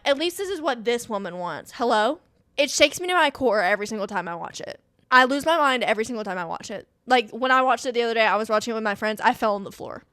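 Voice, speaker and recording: A woman's voice: on the high side, expressive, fast, a bit bright, no room sound, studio quality. A young woman hosts a podcast and gushes over a favorite movie, full of fillers and squealing bursts. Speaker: podcast host. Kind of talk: excited movie review chat.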